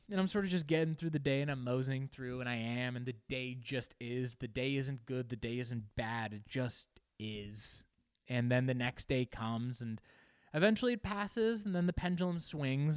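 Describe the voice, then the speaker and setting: A man talks in a casual, reflective monologue and muses aloud as he feels his way toward each thought. His voice is smooth and resonant, at a middle pitch. The recording is close and dry, with no room echo. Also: normal speed. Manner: musing, searching for words aloud.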